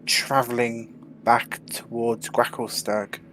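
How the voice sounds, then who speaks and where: A man playing a drow spy who gives a measured report in a put-on drow accent, during a tabletop game. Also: mid-range voice, level tone, fairly bright tone, slight background noise. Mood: formal. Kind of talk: tabletop game role-play.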